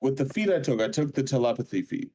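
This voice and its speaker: A man's voice: mid-range voice, expressive, quick pace, mellow. Chatty male player in a casual tabletop game, mid-range voice. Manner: chatty, laughs while describing his character.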